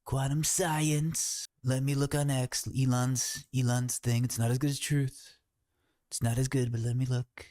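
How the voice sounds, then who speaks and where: A man's voice: medium pitch, level tone, measured pace, warm tone, voice pushed up, close to an everyday voice. A man putting on a boastful older male politician who rambles and repeats himself. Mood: rambling.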